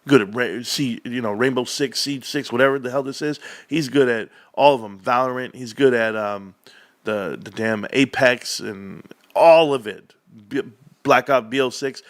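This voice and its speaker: A man's voice: medium pitch, normal speed, no room sound. A man, chatting casually as a livestream host and acting out the voices of the people in his stories. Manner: animated storyteller, acts out quoted voices.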